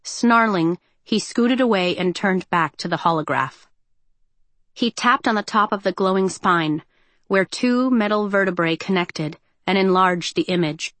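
A woman reading a story aloud as narrator, in a measured, even delivery. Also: medium pitch, no room sound. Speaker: audiobook narrator. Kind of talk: scripted narration.

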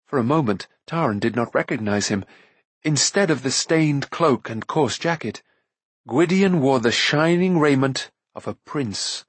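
A man narrating a fantasy novel aloud with an even storytelling delivery. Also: mid-range voice, a little slow, husky, no room sound. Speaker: audiobook narrator. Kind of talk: scripted narration.

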